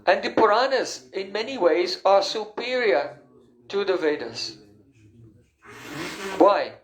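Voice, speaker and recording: High-voiced man lecturing in an echoey room. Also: animated, slow. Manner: explanatory, patient, stops to recall terms. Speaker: lecturer on scripture. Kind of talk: spiritual lecture.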